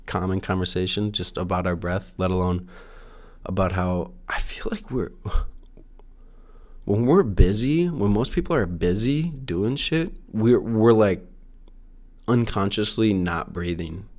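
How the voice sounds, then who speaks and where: Rambling low-voiced young man. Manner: rambling, halting, with many restarts and fillers; swears casually. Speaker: solo podcaster. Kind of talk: casual reflective monologue. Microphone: no camera, audio only.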